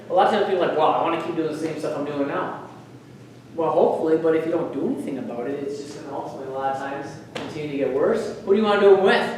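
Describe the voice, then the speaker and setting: Guy giving a health talk, kinda high voice, lots of room echo, a bit far from the mic. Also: a little hiss or hum. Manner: energetic, asks the audience questions. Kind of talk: presentation to an audience.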